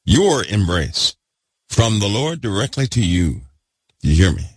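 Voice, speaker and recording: A man preaching a fervent sermon, repeating himself and swinging between loud bursts and hushed asides. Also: lowish voice, very animated, measured pace, breathy edge, dry recording.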